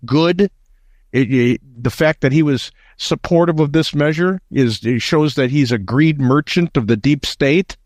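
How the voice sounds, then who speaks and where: A man's voice: fairly high pitch, measured pace, darkish tone, no echo, clean studio sound. An American man hosting political talk radio, emphatic and indignant, often repeating words as he builds a point. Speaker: radio talk show host.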